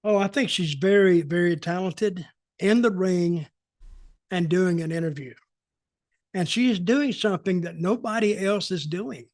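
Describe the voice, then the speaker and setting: A man's voice: high voice, measured pace, darkish tone, dry recording, clean studio sound. An American man chatting as a podcast co-host in a folksy, rambling way, often repeating his words. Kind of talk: casual storytelling chat.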